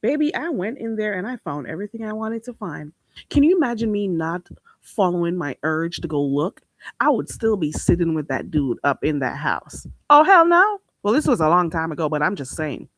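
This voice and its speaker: A woman's voice: on the low side, brisk, dry recording. A woman hosting a casual livestream chat with viewers, blunt and sassy, often calling people "baby" and asking "you hear me?". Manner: animated, swinging between loud outbursts and laughter. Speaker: livestream host.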